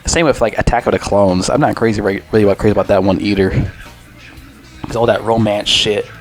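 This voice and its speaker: A man in his twenties talks through a film in a loose, rambling way, swearing freely and giving blunt opinions. His voice sits fairly low. Faint music plays behind him. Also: fairly even intonation, fast. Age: 20s. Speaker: movie reviewer. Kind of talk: casual vlog review.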